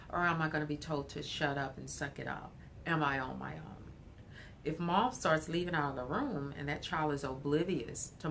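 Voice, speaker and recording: Bright-voiced woman counselor, animated talk. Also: low-pitched, a little hiss or hum. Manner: animated storytelling with laughs and repeated phrases. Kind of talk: livestream talk.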